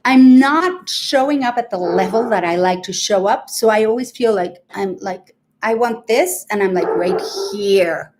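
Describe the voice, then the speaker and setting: Woman host, unhurried, earnest and reflective, heartfelt rambling livestream chat. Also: fairly high pitch, background noise. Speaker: host of a weekly sound bath livestream. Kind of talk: candid heartfelt livestream talk.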